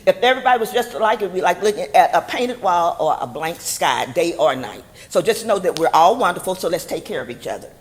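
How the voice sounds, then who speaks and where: A woman's voice: on the low side, lively intonation, fast, hardly any pauses, in a large hall. A woman of seventy, a chaplain giving public comment at a board meeting, rambling and preacherly, blessing her listeners. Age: 70s.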